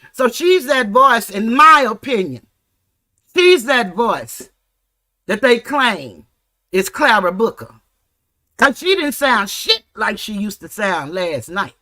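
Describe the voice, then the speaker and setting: A woman's voice: on the high side, sharp tone. A woman, hosting a livestream and ranting angrily with heavy profanity. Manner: angry, profane, confrontational. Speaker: livestream host.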